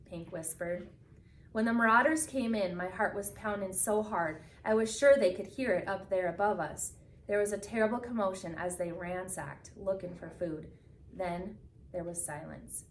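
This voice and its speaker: A woman reading a picture book aloud with expressive storytelling, slowing down for the solemn moments. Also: medium pitch, slight background noise. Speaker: reader. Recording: echoey room from a distance.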